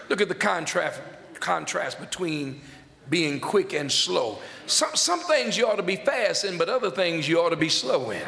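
Male preacher, emphatic folksy delivery, bright gravelly voice, big echoing sanctuary. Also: a little high, big pitch swings. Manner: emphatic, repeats phrases, drawn-out words for stress; folksy Southern-style preaching with loose grammar. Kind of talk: sermon. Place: church sanctuary. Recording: echoey hall sound.

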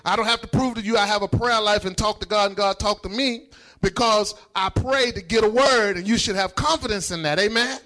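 High, bright-voiced fervent male preacher. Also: fairly quick, faint music behind. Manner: fervent, sing-song preaching that builds to shouts. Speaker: pastor. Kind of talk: sermon.

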